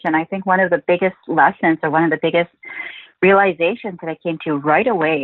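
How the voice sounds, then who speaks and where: A woman journalist from Quebec speaks as an interview guest over a thin, phone-like line. Her voice sits low. She tells her stories with animation and acts out the people she met. The sound is dry and close. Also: no echo.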